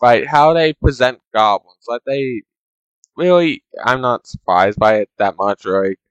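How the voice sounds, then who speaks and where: A man's voice: mid-range voice, expressive, unhurried, smooth, no echo, dull audio. A man in a casual, rambling monologue, complaining in an exasperated way to his chat as a streamer.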